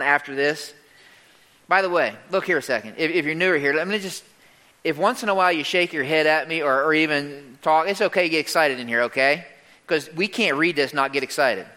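A man preaching a sermon to a congregation, reading scripture aloud, calling on listeners to respond and shouting out exclamations. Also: on the high side, in a large hall. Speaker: pastor.

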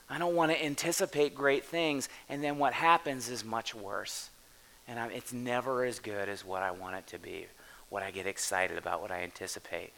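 A man in his thirties preaching a sermon in a casual, animated way, asking the listeners questions as he goes. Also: mid-range voice, creaky, low-quality recording. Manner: conversational, animated, talks straight to the listeners with questions. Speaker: pastor.

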